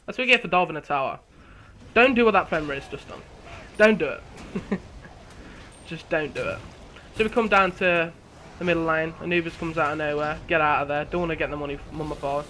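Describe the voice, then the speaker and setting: A young man, casually commentating over his own gameplay, chatty and quick to laugh at himself. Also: on the high side, sharp tone, slight background noise.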